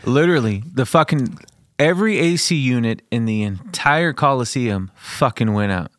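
A man's voice: medium pitch, moderate pace, no echo, studio quality. A man in his forties from El Paso, telling a story in casual podcast chat, swearing often and acting out the voices in his quotes. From El Paso, Texas. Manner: profane, animated storyteller, acts out quotes.

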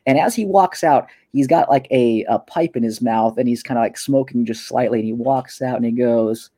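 A man's voice: mid-range voice, moderate pace, warm tone, breathy edge. A young man narrating a tabletop game as game master, loose and rambling with many fillers.

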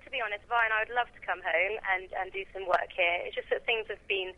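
A British woman, a comedian, chatting casually and quickly as a guest on a phone line. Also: medium pitch. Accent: British English. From England. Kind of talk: casual interview chat.

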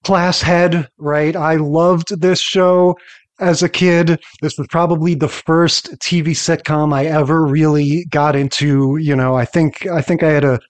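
A man's voice: a little high, steady tone, measured pace. A man co-hosting a podcast, chatting casually about old sitcom episodes. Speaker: podcast co-host. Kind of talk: casual chat recapping TV episodes.

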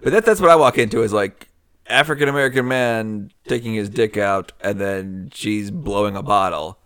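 A man's voice: fairly low pitch, moderate pace, a bit bright, smooth, dry recording, studio quality. A man co-hosting a podcast, chatting casually about a movie, laughing often and slipping into jokey voices. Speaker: podcast co-host. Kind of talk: casual movie review chat.

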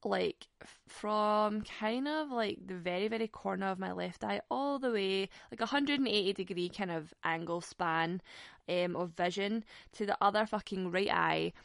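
A young Scottish woman telling a dating story on a podcast in a sweary, sarcastic, animated way. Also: mid-range voice, normal speed, gravelly, no room sound, clean studio sound. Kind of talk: casual storytelling.

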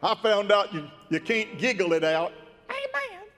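Man, sermon, folksy and emphatic, long church echo, soft music. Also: sits high. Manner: folksy, drawn-out emphatic preaching with acted-out amens. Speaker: preacher. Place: church sanctuary.

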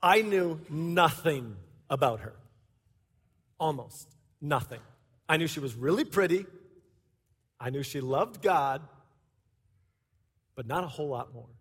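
A man in his forties with a notably high voice tells a lively, laughing story from a church stage. His words ring out with a long hall reverb. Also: a little slow, long pauses, husky. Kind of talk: humorous personal storytelling to a congregation. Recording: echoey hall.

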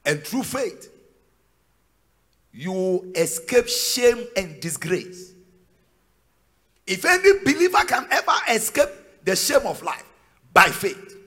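Pastor preaching with a lively high voice. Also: male voice, takes it slowly, long pauses, breathy edge. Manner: emphatic, sing-song preaching with shouted peaks. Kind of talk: sermon. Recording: long reverb of a large hall.

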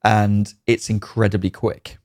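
A man's voice: lowish voice, flat delivery, unhurried, darkish tone, no room sound, studio quality. A man co-hosting a casual podcast chat, talking in a rambling, enthusiastic way about games with frequent ums. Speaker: podcast co-host.

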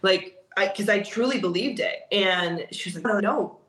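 A woman, a guest who teaches cookie decorating, telling stories casually in an interview, animated and laughing often. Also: medium pitch, moderate pace. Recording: roomy echo.

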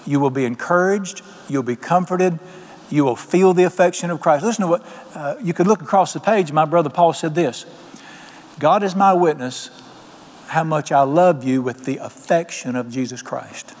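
A man's voice: a little high, normal speed, a little mellow. A man preaching a sermon as pastor, telling homespun stories and asking his congregation questions. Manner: folksy storytelling preacher, quotes people in voices, asks the congregation questions. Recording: long hall reverb.

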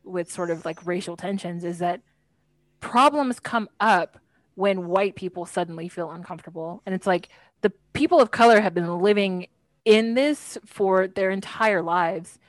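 A woman's voice: medium pitch, moderate pace, no room sound. A woman talking emphatically in a casual discussion, with many fillers and restarts.

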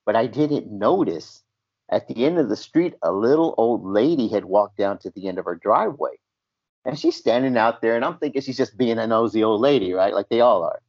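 A man's voice: mid-range voice, lively intonation, fairly quick, darkish tone, husky. A man telling a story from his work as a paramedic, acting out the quotes. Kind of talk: casual storytelling. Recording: dull lo-fi sound.

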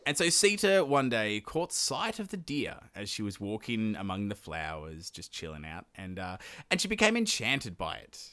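A man's voice: lowish voice, big pitch swings, normal speed, hardly any pauses, pushed and bright, no room sound. A man co-hosting a podcast, retelling a myth in a casual, joking way with slang. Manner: joking, slangy, acts out characters in asides. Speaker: podcast co-host.

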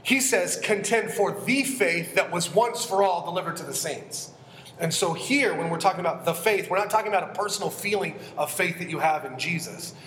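A man's voice: sits high, a little fast, fairly bright tone, a little hiss or hum. A man preaching an expository sermon as a pastor, earnest and emphatic, often asking his listeners questions. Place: church sanctuary. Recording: echoey hall with long reverb.

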